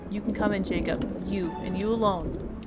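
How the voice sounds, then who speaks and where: A woman's voice: medium pitch, fairly even intonation, normal speed, loud music behind the voice, close to an everyday voice. A woman voicing a paranoid, frightened male patient in the middle of a breakdown, talking in an agitated, pleading way.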